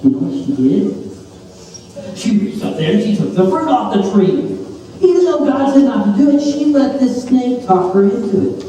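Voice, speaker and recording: A man, preaching an animated, jokey story sermon to kids at camp. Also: very high-pitched, normal speed. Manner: animated, playful, jokey asides. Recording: echoey hall from far off.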